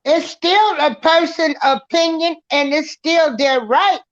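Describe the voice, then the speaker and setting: A woman on a live stream panel, giving an unhurried, drawn-out recap with fillers in casual talk. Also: high-pitched. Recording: dull, muffled stream audio.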